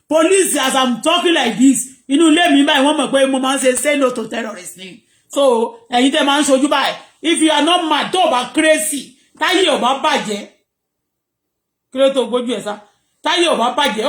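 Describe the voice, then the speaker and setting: A woman's voice: sits high, reverberant. A Nigerian woman vlogging from home, ranting emphatically and repeating herself as she switches between Pidgin, English and Yoruba. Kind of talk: ranting monologue to viewers.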